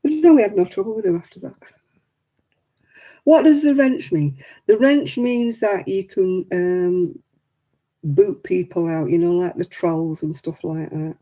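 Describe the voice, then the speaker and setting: A woman's voice: lowish voice, a little slow, warm tone. An older woman, hosting a casual live chat and telling stories with frequent laughter. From England. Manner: chatty storytelling, laughs often. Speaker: livestream host.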